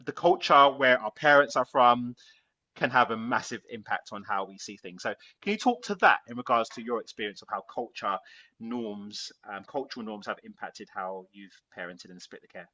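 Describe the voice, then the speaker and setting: A man hosting a panel discussion and speaking in an animated, emphatic way. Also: mid-range voice, normal speed. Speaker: host. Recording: dull lo-fi sound.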